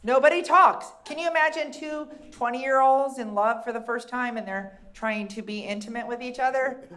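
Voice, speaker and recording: A woman's voice: fairly high pitch, normal speed, fairly bright tone. A woman doing a stand-up comedy routine, chatty and teasing the crowd with questions.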